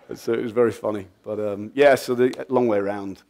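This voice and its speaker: A middle-aged man from England with an English accent, giving a lively, joking and blunt motivational talk at a festival, answering audience questions. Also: lowish voice, fast, gravelly, few pauses. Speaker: guest speaker.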